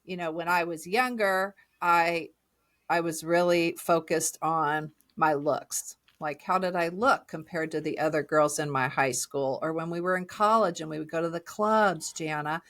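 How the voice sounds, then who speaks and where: A woman's voice: sits low, normal speed, fairly bright tone. A middle-aged woman co-hosting a podcast, upbeat and chatty, telling stories. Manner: upbeat, storytelling. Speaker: podcast co-host. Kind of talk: casual chat.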